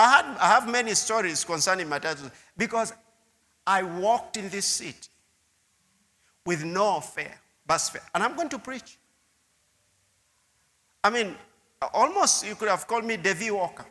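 A man with a high-sitting, sharp-toned voice gives a sermon testimony, recounting his story with repeated words and asides to his listeners. A long hall reverb surrounds his voice.

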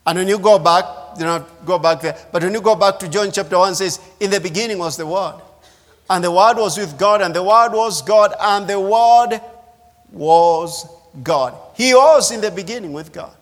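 A man preaching a sermon as pastor, slow and emphatic, repeating key phrases. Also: high-pitched, fairly bright tone. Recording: reverberant hall.

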